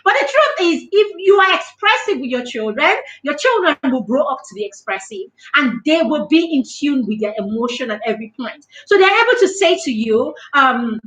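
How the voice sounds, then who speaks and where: A woman's voice: sits high, big pitch swings, normal speed, few pauses, sharp tone, roomy sound, poor audio. A woman with a Nigerian accent giving a parenting talk as a mentor, emphatic and acting out quoted dialogue.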